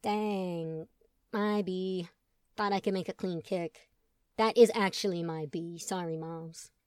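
A woman voicing a brash, swaggering young man who drawls his slang lines slowly. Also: on the low side, steady tone, darkish tone, smooth, no echo, clean studio sound. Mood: sheepish.

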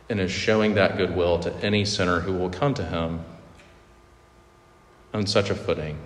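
A man's voice: low voice, slight background noise. A man preaching a sermon in a loose, conversational way, with asides and light humor. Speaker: pastor. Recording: echoey hall with long reverb.

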